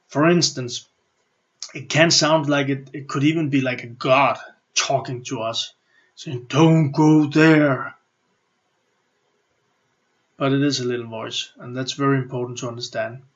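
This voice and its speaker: A middle-aged man with a Danish accent gives a motivational coaching lesson. He talks in an animated way, acts out inner thoughts and often restarts his sentences. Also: mid-range voice, moderate pace. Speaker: business and personal development coach. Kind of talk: motivational teaching talk. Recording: slightly muffled lo-fi audio.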